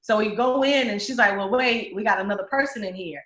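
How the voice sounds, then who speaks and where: A woman, telling her story openly at a middle pitch. She slips into other people's voices as she recounts them. The recording carries a roomy echo. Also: fairly quick. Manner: candid, animated, acts out other people's voices. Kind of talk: personal storytelling interview.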